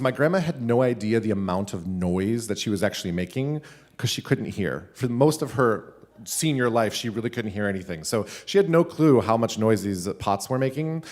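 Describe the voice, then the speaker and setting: A man, a teacher, telling a funny personal story live at a school event, animated and laughing between lines. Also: medium pitch, fairly quick. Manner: animated, laughing, with many "like" fillers.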